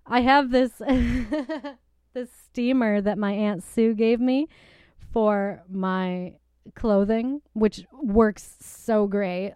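A woman's voice: mid-range voice, dark tone, smooth, dry recording. A young woman vlogging from her apartment, chatting casually about singing, giggling often and using lots of fillers. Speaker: singer and vlogger. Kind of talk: casual chat. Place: apartment with a piano.

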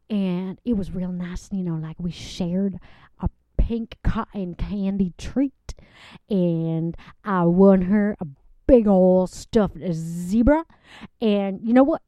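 A woman's voice: mid-range voice, mellow, no room sound, natural voice. A woman playing a folksy, lovestruck woman who rambles, gushes and gets tearful in a comedy bit. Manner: rambling, gushing, tearful, dialect-heavy. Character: folksy lovestruck Southern woman, giddy and emotional. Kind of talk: improvised comedy character bit. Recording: dull lo-fi recording.

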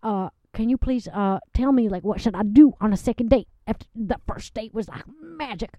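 A woman's voice: on the high side, moderate pace, dark tone, no echo. A woman playing a folksy, lovestruck woman who rambles, gushes and gets tearful in a comedy bit. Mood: flustered. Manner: rambling, gushing, tearful, dialect-heavy. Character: folksy lovestruck Southern woman, giddy and emotional. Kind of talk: improvised comedy character bit. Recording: dull lo-fi recording.

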